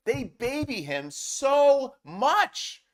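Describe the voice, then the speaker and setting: A man with a notably high-pitched voice hosts a political commentary show. He rants heatedly, with sarcasm and mocking asides. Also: sing-song, very slow.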